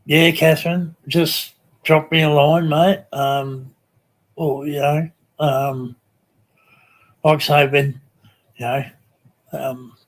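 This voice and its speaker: Australian male streamer, easygoing chat with viewers, unhurried, lots of ums and restarts. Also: a little high, little pitch movement. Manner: slow, rambling, many ums and restarts. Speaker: live stream host. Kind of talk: casual live chat reading comments.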